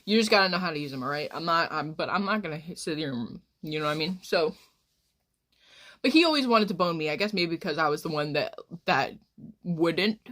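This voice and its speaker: A woman's voice: low voice, expressive, a little fast, a bit bright. A woman in her twenties, a streamer rambling through crude stories in casual chat. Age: 20s.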